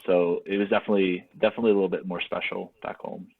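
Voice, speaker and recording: A young man from West Virginia, a guest and athlete, chatting casually in an easygoing, unhurried way with plenty of likes. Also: low-pitched, little pitch movement, gravelly. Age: young adult. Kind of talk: casual chat. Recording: phone-like remote call audio.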